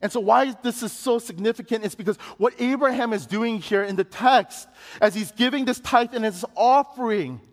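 Pastor guy preaching, kinda high voice, long echo off the church walls, gets big and emphatic. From Chicago, United States. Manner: storytelling preacher who builds to emphatic rising questions. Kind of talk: sermon.

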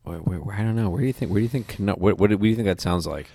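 Deep-voiced enthusiastic podcast host. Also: male voice, very fast, warm tone, no room sound. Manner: enthusiastic, rambling with many restarts. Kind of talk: casual chat.

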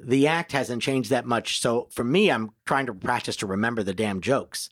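A man's voice: mid-range voice, moderate pace, dry recording. A man, a comedian guest, telling stories in a casual interview and acting out the people in them. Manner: animated storyteller who acts out voices.

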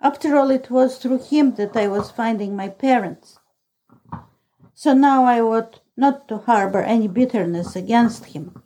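A woman reading a novel aloud as audiobook narrator, in a measured, even manner. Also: a little high, a little hiss or hum, low-quality recording. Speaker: audiobook reader. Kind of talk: scripted storybook narration.

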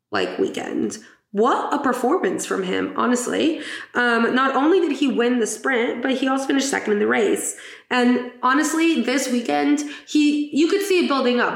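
A woman's voice: medium pitch, gravelly, a bit bright, echoey room. A woman hosting a podcast in casual chat, chatty and giggly, swearing casually. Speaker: podcast host.

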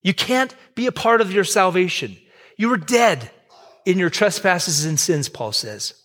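A man in his fifties preaching a sermon as pastor, conversational, with joking asides, swinging between loud and soft. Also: high-pitched, lively intonation, measured pace. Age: 50s.

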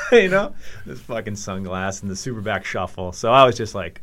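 A man's voice: lowish voice, sing-song, moderate pace, fairly bright tone. A middle-aged man from Minnesota telling a story in a profane, laughing way, acting out the other voices. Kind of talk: animated storytelling.

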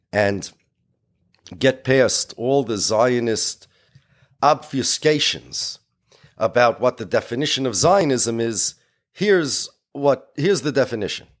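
Man, lecture, emphatic and explanatory, medium pitch. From United States. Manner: emphatic and explanatory, with many Yiddish and Hebrew words. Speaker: speaker.

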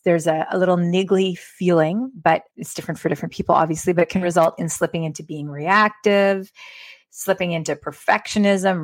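Woman podcast host, lowish voice, dry close mic, reflective and inviting. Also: no room sound. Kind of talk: casual podcast chat.

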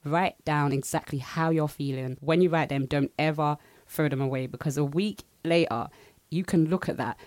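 A woman's voice: low-pitched, moderate pace, darkish tone, no echo. A woman on a podcast panel, chatting in a bubbly way, laughing often and acting out her own reactions. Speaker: panel guest. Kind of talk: casual panel chat.

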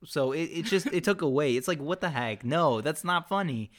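A man's voice: on the high side, expressive, fairly quick. A young man co-hosting a casual film review, opinionated and rambling as he talks. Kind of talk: casual chat.

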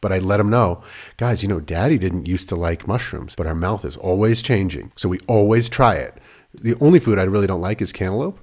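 A man in his thirties co-hosting a podcast, a father of young kids, talking in animated bursts and swearing now and then. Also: deep voice, fairly quick. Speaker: podcast co-host. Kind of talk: casual chat.

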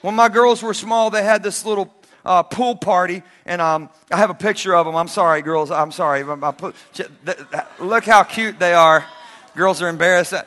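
A middle-aged male pastor preaching a sermon, telling stories with animated energy and bursts of shouting. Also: sits high, moderate pace. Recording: long hall reverb.

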